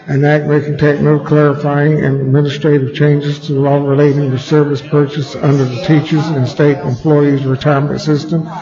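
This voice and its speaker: A man serving as reading clerk, reading bill titles in a steady, formal, monotone way. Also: fairly high pitch. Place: legislative chamber. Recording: dull chamber audio with crowd murmur.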